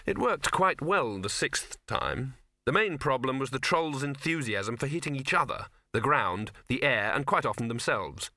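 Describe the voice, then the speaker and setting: A man narrating a comic fantasy novel as an audiobook reader, telling it with lively expression. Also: medium pitch, moderate pace, few pauses, no room sound, clean studio sound.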